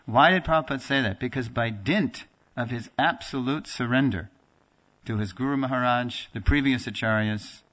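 A man teaching a religious class, telling a story in a lively conversational way and acting out the dialogue. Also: medium pitch, moderate pace. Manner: animated storyteller, acts out quoted dialogue; conversational with fillers and restarts, laughs now and then. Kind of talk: storytelling lecture.

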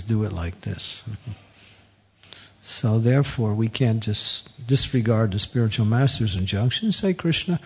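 A man's voice: medium pitch, darkish tone, breathy edge. A man giving an informal spiritual talk as a devotional teacher, telling stories in a rambling way with frequent chuckles. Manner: chuckles often, rambling storytelling. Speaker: Hare Krishna teacher.

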